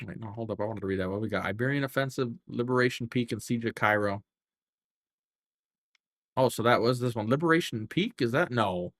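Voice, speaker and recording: A man's voice: mid-range voice, brisk, a bit bright, no room sound. Profane rambling male game streamer. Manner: profane, rambling, thinking aloud while scrolling menus. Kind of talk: casual live game-stream chatter.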